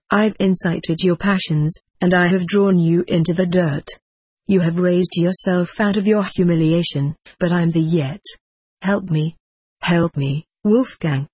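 A remorseful fallen woman, as the storybook's reader puts her on, pleading quietly and earnestly for help. Her voice is husky and breathy, recorded close and dry with no room sound. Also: medium pitch, measured pace, no room sound.

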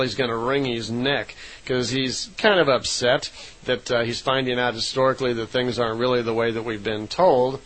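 A man's voice: mid-range voice, fairly bright tone, rough recording. A man retelling a story in a loose, unscripted way, with frequent fillers and self-corrections. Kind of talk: casual spoken retelling.

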